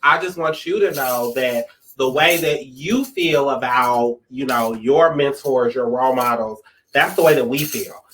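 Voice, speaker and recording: A man's voice: mid-range voice, unhurried, fairly bright tone, a little hiss or hum, poor audio. A man co-hosting a community anniversary celebration, paying an emphatic, playful tribute to its leader. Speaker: event co-host.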